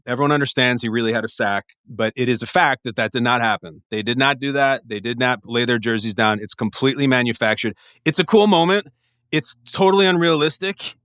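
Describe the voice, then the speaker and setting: A man talking in an animated, joking way on a podcast, often swearing. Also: medium pitch, dry recording, studio quality. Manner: animated, profane, jokey. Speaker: podcast guest. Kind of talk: casual chat.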